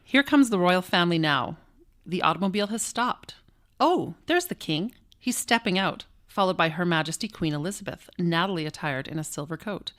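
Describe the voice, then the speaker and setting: A woman's voice: lowish voice, lively intonation, fairly quick, a bit bright. A woman putting on an old-timey radio announcer. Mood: excited, formal. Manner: breathless live commentary, stiff formal phrasing.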